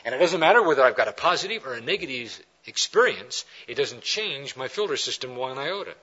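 A man's voice: medium pitch, brisk, slightly rough, lo-fi sound. A man preaching a lecture-style sermon, telling illustrations and acting out the people in them. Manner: animated storyteller acting out quoted characters.

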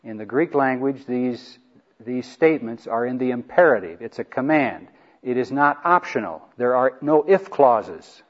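A man's voice: medium pitch, lively intonation, moderate pace. Earnest guy teaching a bible passage, kinda muffled lo-fi sound. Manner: earnest, emphatic repetition of key lines. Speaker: speaker teaching on marriage. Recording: dull lo-fi recording.

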